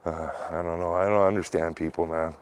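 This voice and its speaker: Low-voiced man rambling outdoors. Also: steady tone, brisk, clean tone. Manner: rambling, loose, with many fillers and restarts. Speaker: street vlogger filming outdoors. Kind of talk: casual rambling vlog commentary. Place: outdoors in a residential neighborhood.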